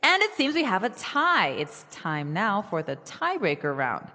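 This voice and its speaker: A woman's voice: mid-range voice, huge pitch swings, unhurried, bright, forceful tone, big-room sound, heavily acted. A woman playing an upbeat game show host. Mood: announcing. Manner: announcing, showy. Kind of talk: scripted skit.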